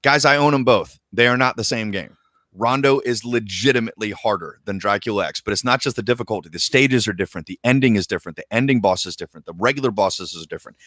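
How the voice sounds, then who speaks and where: A man co-hosting a podcast in casual chat, excitable and slangy, swearing casually. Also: fast, no echo, studio quality. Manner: excitable, slangy, swears casually, jumps into high voices for quoted lines. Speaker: podcast co-host.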